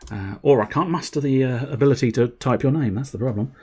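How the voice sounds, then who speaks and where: A man's voice: mid-range voice, fast, a little mellow, husky. A young man chatting casually to his stream audience, rambling, self-deprecating and swearing now and then. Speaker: livestreamer.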